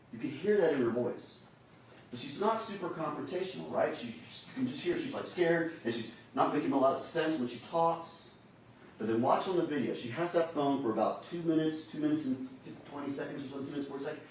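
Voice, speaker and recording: A man's voice: on the high side, animated, normal speed, a little mellow, a little hiss or hum. A man giving a prosecutor's closing argument to a jury, pressing and repeating his points. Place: courtroom. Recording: echoey courtroom, voice from far off.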